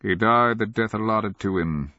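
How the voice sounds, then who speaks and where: A man voicing a weary old wizard, deep. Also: moderate pace, pushed and bright, no room sound, highs cut off. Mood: guarded.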